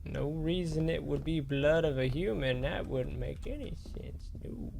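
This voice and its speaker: A man's voice: a little high, measured pace, creaky, background noise. A man streaming a game live, joking and thanking viewers.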